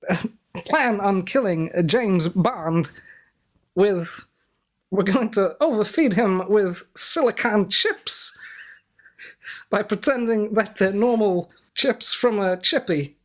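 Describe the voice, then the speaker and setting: A man's voice: sits high, animated, takes it slowly, voice pushed up. A man voicing a villainous tycoon plotting in his airship, a playful podcast impression. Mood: scheming.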